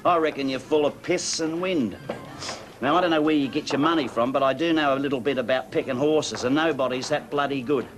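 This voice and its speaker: A man playing a loudmouthed Aussie pub local. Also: mid-range voice, a little fast, close to an everyday voice. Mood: goading. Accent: Australian. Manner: blunt, goading, sneering. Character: blunt, loudmouthed male country pub local. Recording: pub crowd chatter behind. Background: bar crowd murmur.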